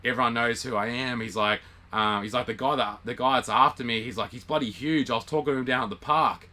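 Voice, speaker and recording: A young Australian man casually telling a story, acting out the dialogue with lively, animated quoting. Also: mid-range voice, fast talker. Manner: animated retelling with quoted dialogue and laughs. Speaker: vlog co-host.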